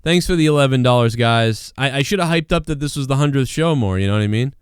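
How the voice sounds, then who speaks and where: A man's voice: mid-range voice, expressive, quick pace, clean tone, no room sound, studio quality. A man hosting a live stream show, chatting casually in a rambling, joking, slangy way.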